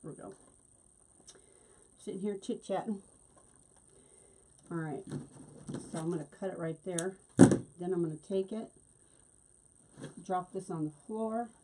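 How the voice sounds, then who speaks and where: Chatty husky woman crafting. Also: lowish voice, a little slow, long pauses, warm tone. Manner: chatty, laughs often, talks while working. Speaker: wreath-making host. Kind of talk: casual craft tutorial chat.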